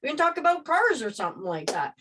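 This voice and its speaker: A woman casually telling a personal story, rambling and animated as she re-enacts scenes. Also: high voice, quick pace, slight background noise.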